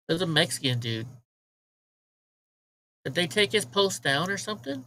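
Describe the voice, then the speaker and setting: A man's voice: fairly high pitch, animated, slow, pauses often, a bit bright, slight background noise, poor audio. A man hosting a casual livestream, ranting with profanity and mocking remarks while he talks to his chat. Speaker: livestream host.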